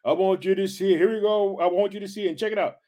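A man preaching an energetic sermon, hyping up his listeners, calling them family and repeating his catchphrases. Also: high voice, fast.

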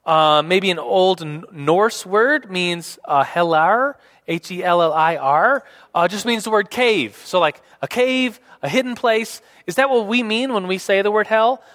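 High-voiced young man preaching in a hall. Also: measured pace, fairly bright tone. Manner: casual, rambling, many fillers and restarts. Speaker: pastor. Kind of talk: sermon. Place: church hall. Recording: reverberant hall.

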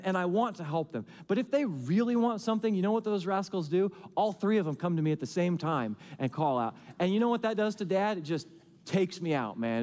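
A man in his thirties preaching a sermon as a pastor, animated, swinging between loud emphasis and quiet drawn-out lines. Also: high-pitched. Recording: long hall reverb.

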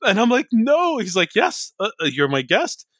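A man's voice: high voice, normal speed, slightly rough, dry recording. A man from an Iraqi family co-hosting a podcast, telling a story in casual chat and acting out the voices of the people in it. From Iraqi family, grew up abroad. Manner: animated, acts out voices in his story. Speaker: podcast co-host.

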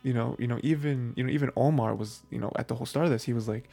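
A man hosting a podcast, recapping anime episodes in a rambling, excitable way full of filler phrases. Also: mid-range voice, rapid-fire, vocal fry, soft background music. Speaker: podcast host.

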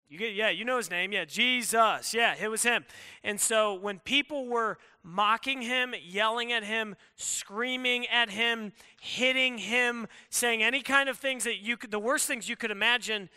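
A young man preaching a sermon to a youth group in a conversational way, with quick asides to the room. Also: high-pitched, pushed and bright, clean tone. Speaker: youth pastor. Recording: long hall reverb.

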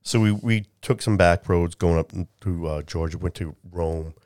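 A man chatting casually, telling travel stories in a halting way, repeating words and acting out the people he quotes. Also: sits low, no echo, studio quality. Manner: animated storyteller, acts out people he quotes. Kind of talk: casual chat.

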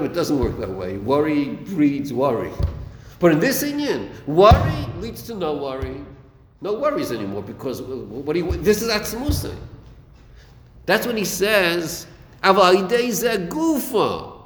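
A man's voice: on the high side, very animated, normal speed, a little hiss or hum. A man teaching a Chasidic text class, acting out dialogue and repeating his phrases. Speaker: Torah teacher. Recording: echoey room with long reverb.

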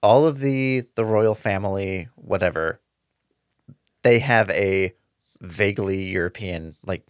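A man co-hosting a casual chat, talking in a measured, hedging way as he thinks aloud. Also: deep voice, clean tone, no echo. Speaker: podcast co-host.

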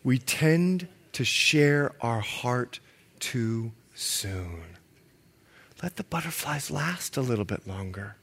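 A man preaching a sermon to a congregation, joking, acting out the lines he quotes, and sometimes shouting. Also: mid-range voice, takes it slowly, creaky. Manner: animated, jokey, acts out quotes.

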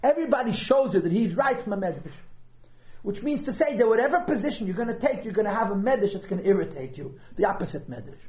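A man teaching a Chassidus class to regulars, lively and thinking aloud as he explains, stressing key words. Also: high voice, fast. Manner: thinks aloud, hedges and restarts often. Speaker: Torah teacher. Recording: echoey room.

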